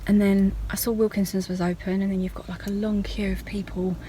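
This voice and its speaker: A woman's voice: mid-range voice, flat delivery, a little fast, mellow, low-quality recording. A woman chats to camera in a casual vlog diary. She rambles from one thought to the next and pokes fun at herself, with her voice sitting mid-range. Faint noise hums behind her. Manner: chatty and rambling, with self-mocking asides. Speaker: vlogger.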